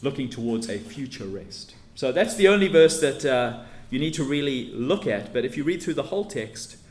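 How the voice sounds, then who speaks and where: Delivering an expository sermon, a man sets out his points in a teacherly, emphatic way, stressing key words heavily. He has a mid-range voice, lively intonation, and a moderate pace, recorded in an echoey room with faint ambience.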